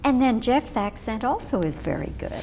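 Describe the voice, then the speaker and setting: A woman interviewer asking questions in a friendly, measured way in an old TV interview. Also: big pitch swings, creaky, darkish tone. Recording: old TV interview with faint noise and rumble.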